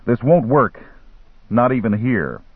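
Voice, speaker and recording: A cornered man, voiced by a male audiobook reader, tense and shaky yet defiant. The voice is husky and swings widely in pitch. It sounds dry and narrow, like it is coming down a phone line. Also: sing-song, slow, no echo, heavily acted. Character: frightened, angry American man in danger.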